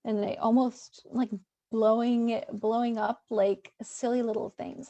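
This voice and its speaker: A woman's voice: a little high, flat delivery, a little slow, mellow, dry recording. A woman therapist presenting a webinar in a loose, conversational way, with many fillers and restarts.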